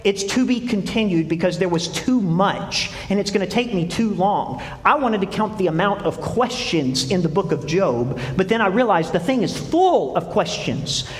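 A man's voice: high-pitched, expressive, moderate pace, few pauses, reverberant, big-room sound. A man preaching a sermon, reading scripture aloud and putting questions to the congregation. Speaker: pastor.

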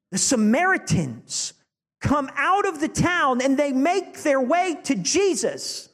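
High-voiced guy preaching a sermon, emphatic, long echo in the church. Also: slow pace. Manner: animated, rising to emphatic peaks. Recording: long church-hall reverb.

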